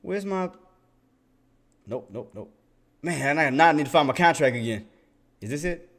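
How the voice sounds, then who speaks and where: A man giving casual live commentary on his day trading, excitable and chatty, laughing with his chat and muttering to himself while he searches his screen. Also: on the high side, moderate pace. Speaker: day trader streaming live.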